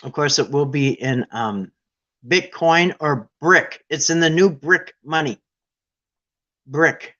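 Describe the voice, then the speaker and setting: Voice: medium pitch, slow, pushed and bright, highs cut off. A quiz game host in casual, playful chat, with irreverent, sarcastic asides.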